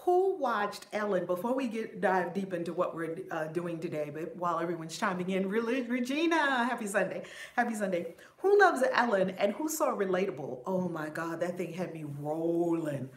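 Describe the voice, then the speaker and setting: A woman reverend hosting a live stream, warmly greeting chat viewers one by one in an effusive, upbeat way. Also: on the low side, lively intonation, moderate pace. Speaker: reverend and spiritual teacher. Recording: roomy echo, faint background noise.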